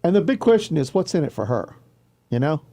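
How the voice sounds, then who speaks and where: A man co-hosting a radio talk show, chatting casually with quick, agreeable reactions and asides. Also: fairly high pitch, very animated, dark tone. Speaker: radio co-host.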